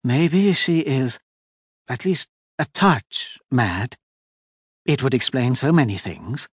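A man's voice: mid-range voice, big pitch swings, takes it slowly, slightly rough, no room sound, studio quality, exaggerated voice. A male audiobook narrator voicing a fussy, orderly court treasurer, flustered and wry. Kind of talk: audiobook character voice.

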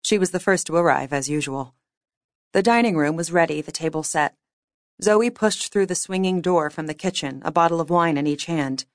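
A woman reading fiction aloud as an audiobook narrator, with measured, wry storytelling. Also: sits low, no room sound, clean studio sound. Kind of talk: scripted narration.

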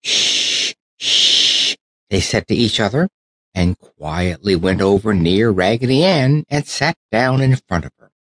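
A man narrating a children's storybook audiobook with an expressive, animated reading. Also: on the low side, moderate pace, no echo.

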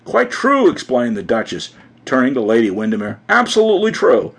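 A man's voice: medium pitch, huge pitch swings, brisk, gravelly, breathy edge, heavily acted. A man voicing a stately, prim elderly duchess. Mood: insistent. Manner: prim, complacent.

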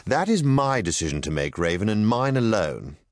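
Male reader does a cool, commanding villain leader, pitched higher than his own voice, measured and authoritative. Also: sing-song, no echo, clean studio sound. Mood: stern.

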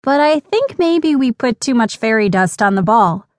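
A woman's voice: a little high, lively intonation, normal speed, no echo, lightly acted. A woman voicing a sensible, protective older sister in a storybook, caring and firm. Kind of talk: storybook character voice. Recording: dry studio recording.

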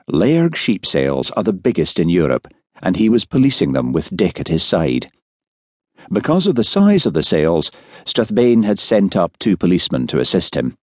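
A man narrating an audiobook in a measured storytelling manner, recorded on a studio microphone. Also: sits low, darkish tone, no echo. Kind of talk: scripted narration.

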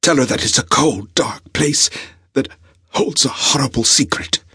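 A man voicing a frail, dying old professor who speaks in a gravelly, raspy voice with labored breath. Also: mid-range voice, measured pace, bright, forceful tone, no room sound, clean studio sound, voice pushed up, exaggerated voice. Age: older. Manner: labored breathing, urgent pleading.

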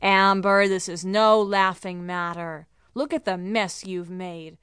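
A woman's voice: mid-range voice, fairly even intonation, slow, a bit bright, smooth, dry recording, studio quality. A woman voicing a young girl who mimics a stern grown-up and scolds herself in a mock-stern lecturing tone.

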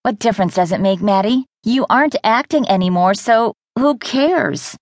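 A woman's voice: mid-range voice, animated, normal speed, dry recording, studio quality, lightly acted. A woman narrator voicing a young woman, a blunt, patronizing best friend, in an audiobook. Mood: condescending. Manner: dismissive, patronizing. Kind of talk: audiobook character voice.

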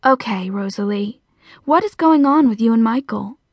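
A woman's voice: fairly high pitch, a little slow, dry recording, lightly acted. A woman narrator voicing a determined young mother with a wry edge.

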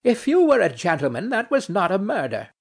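An audiobook narrator reads a play, voicing a proud, indignant noblewoman who speaks primly and demands what she's owed. His high-pitched, slightly rough voice swings widely in pitch at a fairly quick pace, heavily acted, and sounds bitter and accusing as he fires off affronted, insistent questions.

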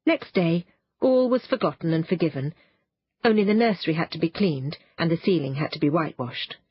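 A woman narrating a children's storybook in an expressive, animated way. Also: on the low side, fairly quick, husky, dry recording, muffled recording. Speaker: audiobook narrator.

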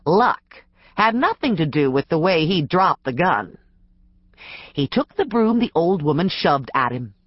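Audiobook narrator: woman, low-ish voice, slow and expressive, dull dry studio sound. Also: no room sound. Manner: measured, expressive storytelling.

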